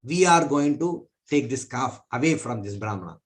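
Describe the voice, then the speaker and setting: A man's voice: mid-range voice, expressive, moderate pace, lightly acted. A man voicing cunning village thieves in a story, coaxing and mock-innocent. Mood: scheming. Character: sly, scheming male village thieves.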